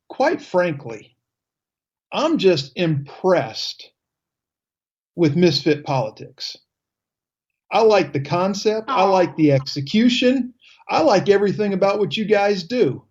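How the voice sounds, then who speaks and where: A middle-aged man hosts a talk radio show, chatting loosely with offhand asides. His voice sits a touch high for a man. The audio is dull and lo-fi. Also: a little mellow. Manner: easygoing, rambling, with offhand asides. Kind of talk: casual talk radio chat.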